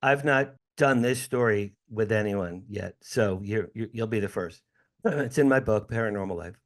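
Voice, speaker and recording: A man in his sixties from the United States, an interview guest telling a personal story with lively acted-out dialogue and frequent laughs. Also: on the low side, moderate pace. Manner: animated storyteller, acts out dialogue, laughs often.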